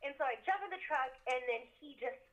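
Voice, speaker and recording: High-voiced woman telling a spooky story. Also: fast talker, dull audio. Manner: animated, laughs often, lots of fillers. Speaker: guest telling a ghost story. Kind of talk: casual storytelling.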